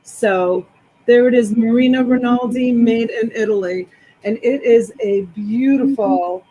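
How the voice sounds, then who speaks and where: A woman's voice: a little high, warm tone, breathy edge, poor audio. A woman hosting a live selling stream, chatting enthusiastically as she describes each clothing item. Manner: enthusiastic, rambling product descriptions. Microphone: desktop USB microphone.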